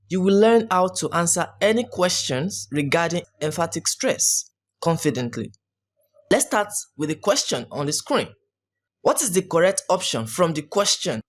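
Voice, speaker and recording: Woman teacher for a scripted exam lesson; slow, deliberate delivery with a sing-song rise and fall. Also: lowish voice. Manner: clear, deliberate step-by-step explaining. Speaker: English teacher.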